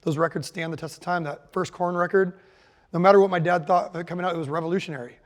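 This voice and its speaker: A man in his forties talks as an interview guest, his voice sitting a little high for a man. His speech is loose and rambling, full of "like" and "you know" as he circles his thoughts in casual conversation. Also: steady tone, fast. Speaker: guest musician.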